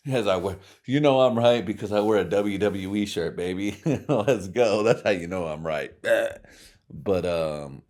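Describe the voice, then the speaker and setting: Male podcast host from California, deep voice, crude rambling comic monologue. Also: a little mellow. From California, USA. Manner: profane, rambling, laughs often at his own jokes.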